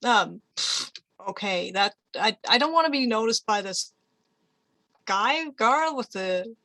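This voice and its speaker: Bright-voiced woman rambling at the table. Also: a little high, lively intonation, slow pace, no room sound, rough recording. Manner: rambling, self-reassuring, with restarts. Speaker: player. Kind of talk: casual tabletop play.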